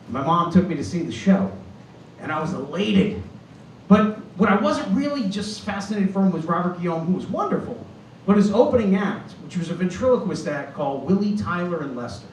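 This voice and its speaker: A high-voiced Boston man in his fifties rambles through a self-deprecating stand-up routine on a club stage. It's recorded from far off in a roomy club, with a little hiss or hum.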